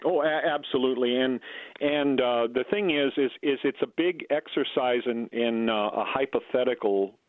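A man discussing a Bible passage earnestly, halting and repeating words as he thinks. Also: mid-range voice, no echo. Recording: tinny phone-like line.

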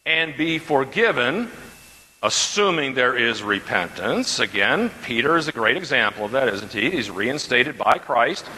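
A man's voice: medium pitch, lively intonation, unhurried, pushed and bright, long reverb tail, poor audio. A man teaching a Bible class as a pastor, talking conversationally and repeating questions from the class.

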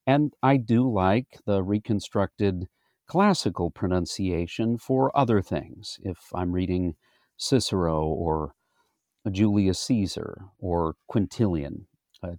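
A man who is a pastor, teaching a Bible study in a deliberate, explanatory way. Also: low-pitched, a little mellow, no echo, clean studio sound.

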